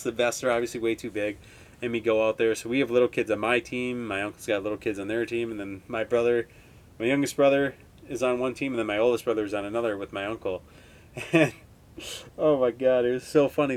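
Rambling, foul-mouthed young man. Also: medium pitch. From Wisconsin. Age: 20s. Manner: rambling, heavily profane, laid-back. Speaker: podcast host. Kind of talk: casual storytelling monologue.

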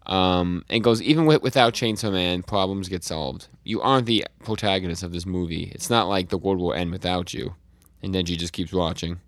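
A man's voice: low voice, steady tone, moderate pace, a bit bright, dry recording. A man co-hosting a podcast, casually recapping comic chapters and reading out the dialogue with fillers and restarts. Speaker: podcast co-host.

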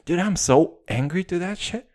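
In a profane, animated comic rant peppered with "dude," a Russian-native male podcast host speaks at normal speed in a high-pitched voice that rises and falls dramatically.

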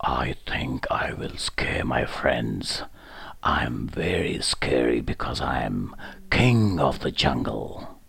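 A man voicing a proud male lion who brags in a gruff tone and pleads in high wailing cries. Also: big pitch swings, slow pace, a bit bright, no echo, in a whisper, exaggerated voice. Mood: boastful. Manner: swings from gruff boasting to high wailing pleas.

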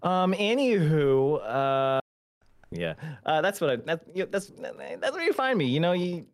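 Dude rambling on a podcast, self-deprecating, dry close mic sound. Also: male voice, a little high, very animated, unhurried, no echo. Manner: rambling, self-mocking, laughs often. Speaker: streamer, podcast co-host. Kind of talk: casual podcast chat.

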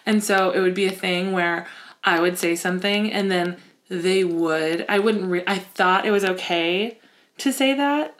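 A woman co-hosting a podcast in casual chat, animated and laughing easily as she acts out what she would say. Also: lowish voice, a little slow. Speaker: podcast co-host.

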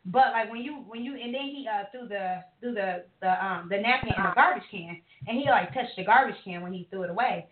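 A woman co-hosting a podcast, telling a long story in a profane, rambling, animated way with lots of fillers. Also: medium pitch, brisk, hardly any pauses, noisy background. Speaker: podcast co-host. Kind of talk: casual ranting storytelling. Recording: echoey tinny phone-line audio.

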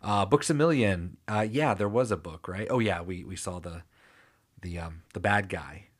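Lower-voiced man, sarcastic podcast chat. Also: normal speed. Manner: sarcastic, joking, lively rambling. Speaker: podcast co-host. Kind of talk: casual chat recapping a TV episode.

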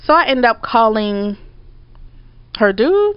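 A woman, telling a story in casual chat, animated and swearing as she acts out her own outbursts. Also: on the high side, a little slow, pauses often, smooth, no echo. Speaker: storyteller co-host. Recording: dry, slightly dull audio.

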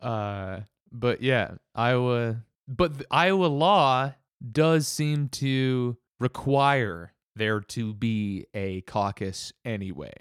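A man's voice: medium pitch, slow, few pauses, smooth, dry recording, clean studio sound. A man in casual chat as a co-host, laid-back, explaining things with hesitant fillers.

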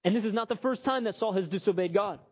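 A man preaching a sermon in a conversational, animated way, slipping into characters to tell stories. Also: sits high, quick pace, husky. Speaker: pastor. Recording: slightly muffled recording.

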